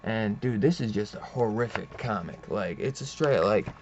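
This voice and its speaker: A man's voice: fairly low pitch, normal speed, a little mellow. A young man rambling enthusiastically through a casual comic review, full of fillers, over a dull lo-fi recording. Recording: dull lo-fi with faint hiss.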